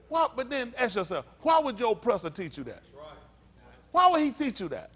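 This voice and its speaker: A male pastor preaching a teaching sermon. He talks with lively emphasis, acts out the voices he quotes, and reads aloud haltingly. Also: extremely high pitch.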